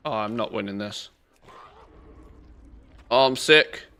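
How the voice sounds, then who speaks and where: A man's voice: lowish voice, takes it slowly, sharp tone, clean tone. A man chatting loosely and joking as he streams a game, swearing now and then. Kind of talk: casual live-stream commentary.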